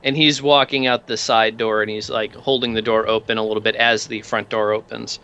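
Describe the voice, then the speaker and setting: Bright-voiced man running a tabletop game. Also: on the low side, level tone, fairly quick, smooth, lo-fi sound. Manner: loose, filler-heavy describing. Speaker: game master.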